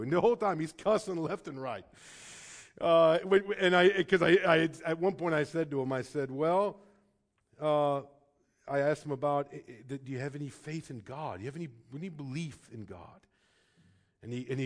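A man preaching from the pulpit tells a heartfelt story in a mid-range voice. He climbs to loud, stressed passages and drops to near-whispered ones. When moved, he stumbles and repeats words. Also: medium pitch, normal speed. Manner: storytelling, swings from loud emphatic passages to soft hushed ones. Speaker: pastor. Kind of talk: sermon.

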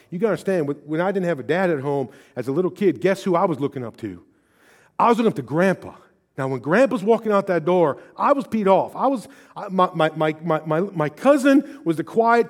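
A man delivers a sermon in a fairly high voice that ranges widely. He drops low and quiet, then climbs to loud, emphatic peaks and acts out the people in his story. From Illinois, USA. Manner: swings from hushed to loud and emphatic, acts out quotes. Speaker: pastor.

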